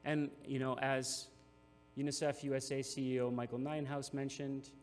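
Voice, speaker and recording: A man's voice: medium pitch, little pitch movement, normal speed. A man, a nonprofit CEO, giving an earnest, emotional conference speech with frequent restarts. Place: large hall. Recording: reverberant hall with faint hum.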